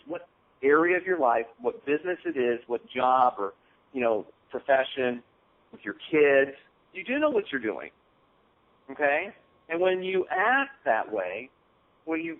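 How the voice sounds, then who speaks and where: A man giving a casual motivational coaching talk on a call, often checking in with "okay?". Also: fairly high pitch. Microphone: phone call. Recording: phone-line audio.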